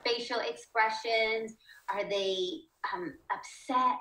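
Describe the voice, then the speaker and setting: A woman's voice: medium pitch, a little slow, sharp tone, roomy sound, poor audio. A woman teaching a reading lesson to children, asking the class questions and encouraging them.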